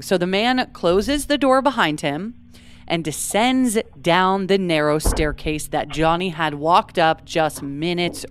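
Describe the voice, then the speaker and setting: A woman's voice: fairly low pitch, slight background noise. A woman co-hosting a true crime podcast, reading from a script and breaking into casual asides. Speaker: podcast co-host.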